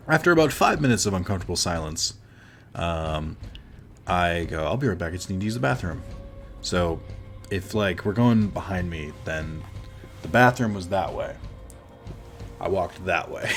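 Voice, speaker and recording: A man with a very deep voice tells a story casually while he plays a game. He rambles, stops to correct himself, and fills the gaps with ums. Faint music runs underneath. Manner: rambling, full of fillers and self-corrections. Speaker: streamer.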